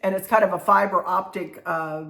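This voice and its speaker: A woman's voice: lowish voice, fairly even intonation, a little fast, gravelly, sharp tone. A middle-aged woman hosting her own vlog, talking heartfelt and rambling, with many fillers and restarts. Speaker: channel host. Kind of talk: heartfelt casual vlog chat.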